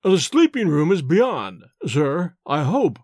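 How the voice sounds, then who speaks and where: A man's voice: on the high side, big pitch swings, takes it slowly, a little mellow, dry recording, clean studio sound, full character voice. A man voicing a deferential manservant in an audiobook, courteous and formal, addressing his master as sir. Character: deferential older male manservant, polite and formal. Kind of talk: audiobook character voice.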